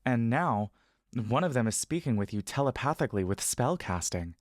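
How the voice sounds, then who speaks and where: A man giving scripted second-person story narration in a steady, measured manner. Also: medium pitch, dry recording, studio quality. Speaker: audio narrator.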